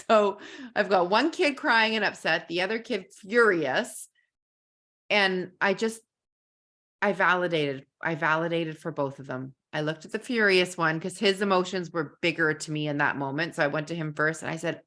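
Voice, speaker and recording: A woman's voice: on the low side, moderate pace, pushed and bright. A woman who teaches kindergarten, earnestly telling a story in a live parenting masterclass and repeating words as she thinks.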